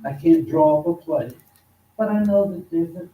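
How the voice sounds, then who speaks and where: A man teaching an informal religious study class at a mosque, talking slowly and conversationally and repeating words for emphasis. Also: high voice, narrow, tinny audio. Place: mosque hall. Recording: echoey hall, distant mic, faint noise.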